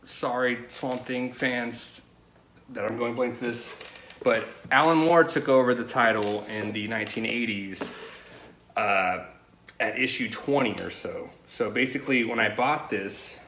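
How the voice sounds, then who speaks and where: A man's voice: medium pitch, unhurried, fairly bright tone. A man as guest in a casual chat, talking in a loose, rambling way. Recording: echoey room with faint noise.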